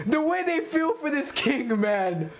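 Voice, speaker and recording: Speaking a little slowly in a very high voice, this man runs a live anime reaction stream. He's excitable, laughs a lot, and addresses his audience directly.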